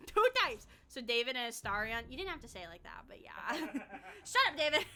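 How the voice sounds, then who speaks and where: A woman's voice: fairly high pitch, sing-song, fairly quick, pushed and bright. A young woman streaming a game, chatting casually with viewers, swearing and laughing often. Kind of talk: casual gaming stream chat.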